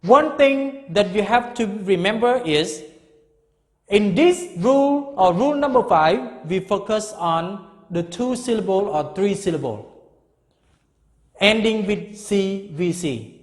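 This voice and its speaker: In a classroom grammar lesson, a male English teacher speaks in a bright, high voice at an unhurried pace. He leans hard on every point and says the important words more than once, while a long, hall-like echo trails off behind him.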